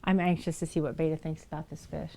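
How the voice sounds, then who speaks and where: A woman's voice: deep voice, little pitch movement, fast talker, dark tone, a little hiss or hum. A woman live-streaming from home in casual chat. She laughs easily and coaxes her dogs in a raised, playful voice. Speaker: livestreamer.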